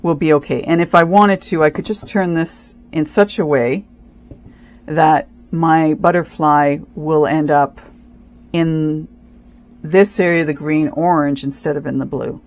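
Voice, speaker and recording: Low-voiced woman chatting through a craft project. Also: fairly even intonation, unhurried, a little mellow. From Canada. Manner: chatty, thinks aloud, restarts sentences, careful instructions. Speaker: craft channel host. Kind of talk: casual craft tutorial narration.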